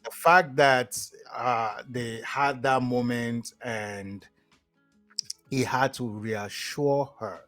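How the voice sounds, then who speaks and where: A man's voice: medium pitch, extremely slow, faint music behind. Man co-host repeating himself as he thinks. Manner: warm affirmations, repeats phrases, hesitant restarts. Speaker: podcast co-host. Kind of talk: casual podcast chat.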